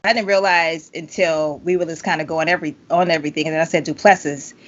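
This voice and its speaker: Playful woman host, forties, jumpy lively talk, dull muffled audio. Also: deep voice, quick pace. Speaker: podcast host and singer. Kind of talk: casual interview chat.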